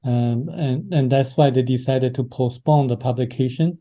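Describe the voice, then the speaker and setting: A man being interviewed, telling a personal story with many pauses and fillers. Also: mid-range voice, dark tone, muffled recording. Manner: hesitant, many fillers and restarts. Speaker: interview guest.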